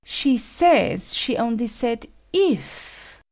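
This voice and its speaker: A woman's voice: on the high side, big pitch swings, very slow, darkish tone, heavily acted. A woman playing a stern, imperious Red Queen who scolds and lectures sharply in a full-cast audiobook. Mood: scolding.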